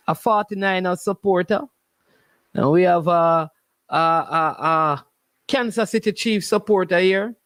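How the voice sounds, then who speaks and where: A man's voice: high-pitched, dry recording. A man with a Jamaican accent hosting a sports talk show, chatty and repeating himself with "you understand me".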